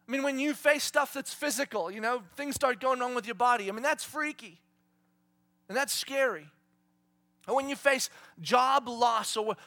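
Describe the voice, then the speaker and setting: A man preaching with a very high, bright, forceful voice. He swings between hushed, whispered lines and loud shouts, acting out the voices of people in his stories. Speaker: pastor. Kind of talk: sermon.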